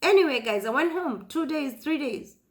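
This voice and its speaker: A woman in her thirties living in the US, telling a personal story in a halting way with many fillers and restarts. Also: high-pitched, animated. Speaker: vlogger.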